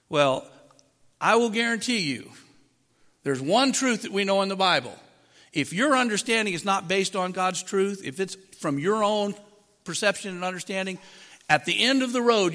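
A man's voice: high-pitched, sharp tone. A man preaching a sermon into a microphone in a conversational way, asking his listeners rhetorical questions. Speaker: pastor. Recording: long hall reverb.

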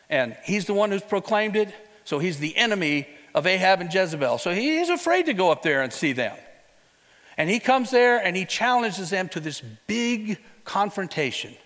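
A man preaching a sermon, retelling a story with lively rhetorical questions and a casual, conversational way of talking. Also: high voice, long reverb tail.

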